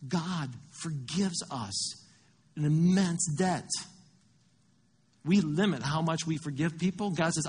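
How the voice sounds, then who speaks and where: A man's voice: on the high side, moderate pace, darkish tone, slightly rough. A male pastor preaching a conversational sermon, walking his listeners through scripture and working out sums aloud.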